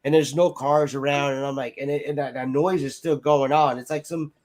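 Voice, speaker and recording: A man's voice: a little high, steady tone, a little fast, darkish tone, a little hiss or hum. A man telling a personal story in casual chat, rambling, swearing and acting out other people's lines. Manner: rambling, full of "like" and "you know", swears freely.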